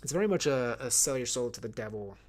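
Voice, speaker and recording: A man's voice: mid-range voice, animated, fast. A man talking casually while playing a video game, rambling and correcting himself as he thinks aloud, wearing headphones. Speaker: video game streamer reviewing films. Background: faint game music.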